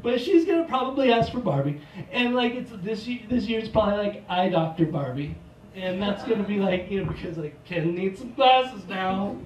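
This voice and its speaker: A man doing a stand-up comedy set on a theater stage, rambling and self-deprecating, with sudden loud outbursts. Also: sits high, lively intonation, normal speed, a little hiss or hum. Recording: echoey theater, mic from a distance.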